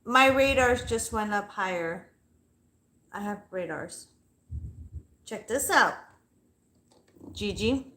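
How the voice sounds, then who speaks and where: A woman's voice: mid-range voice, expressive, slow pace, long pauses, a bit bright. A young adult woman chatting playfully and bluntly on a casual live stream, talking to her dog and giving readings. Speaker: live psychic reader.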